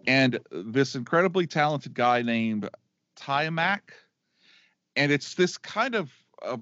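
A middle-aged man chatting as a podcast co-host, rambling with eager restarts. His voice sits at an ordinary pitch. The sound is dry and a bit dull, as if recorded on a modest mic. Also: lively intonation, slow, fairly bright tone, dry recording. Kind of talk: casual chat.

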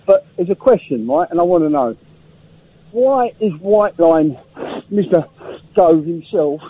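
A man calling into a radio show, blunt and animated, full of slang. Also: fairly high pitch, unhurried, breathy edge, no room sound. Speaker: caller. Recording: tinny phone line.

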